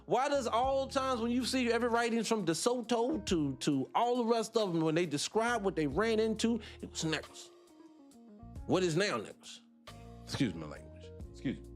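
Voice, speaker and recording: A high-pitched man hosts a livestreamed morning talk show, arguing passionately. He fires rhetorical questions at his listeners and laughs between points.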